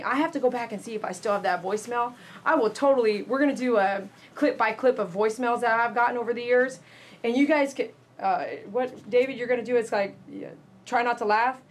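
Woman, dog groomer, live-stream chat, slightly high voice, animated storyteller. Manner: chatty and animated, mimics callers loudly. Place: grooming salon.

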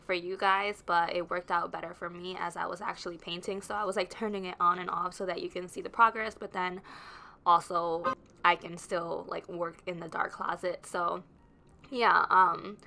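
A woman's voice: fairly low pitch, flat delivery, normal speed, creaky, pushed and bright. A pregnant woman vlogger narrating her video in a chatty, rambling way with lots of fillers. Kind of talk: casual voice-over narration.

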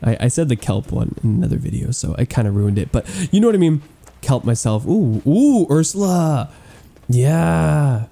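Guy doing hyped gameplay commentary, super warm dark voice, goofy puns. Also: medium pitch, normal speed, gravelly. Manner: excitable, gushing, playful puns. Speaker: gaming YouTuber touring an island.

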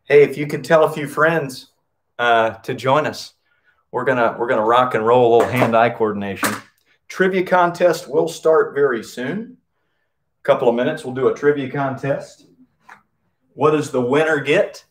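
A man's voice: medium pitch, moderate pace. A man running a live-streamed PE class, upbeat, calling out nicknames and counting exercise reps, short of breath from working out. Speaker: PE coach.

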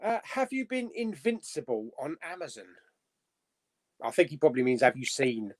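A man chats as a guest on a relaxed live stream, his voice sitting a little high and swinging a lot in pitch. He is lively and often reads out comments from viewers. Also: moderate pace, dry recording. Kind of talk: casual live-stream chat.

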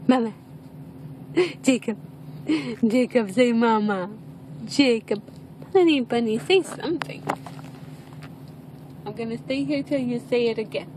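High-voiced woman coaxing in baby talk. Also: measured pace, pauses often, darkish tone. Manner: coaxing, sing-song, repetitive. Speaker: mother filming her baby. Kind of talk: home video, baby talk. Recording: home video with background noise.

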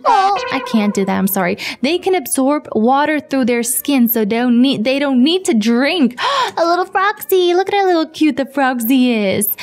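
A woman whose first language is Dutch, playing a guessing game on camera and cheering at her answers. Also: high voice. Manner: excitable, gasping and cheering, talks to the screen. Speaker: gaming YouTuber.

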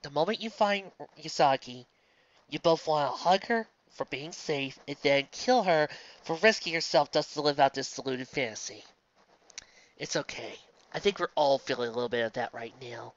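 A reader voicing a calm, steady young woman warrior who reassures a friend. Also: mid-range voice, normal speed, highs cut off, close to an everyday voice. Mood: reassuring.

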